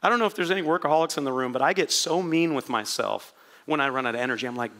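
A man preaching a sermon to a congregation, swinging from quiet asides to loud, impassioned moments. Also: mid-range voice, fast talker. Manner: animated, swings from quiet asides to shouted prayers. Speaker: pastor.

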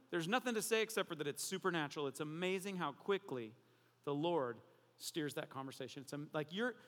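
Animated man preaching in a reverberant hall. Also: high voice. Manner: animated, joking storyteller. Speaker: pastor. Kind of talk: sermon.

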